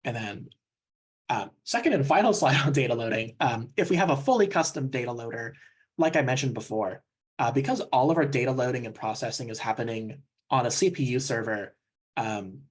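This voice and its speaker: A young man presenting a technical training session, explaining steps in a relaxed way with frequent ums. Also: medium pitch, slightly rough.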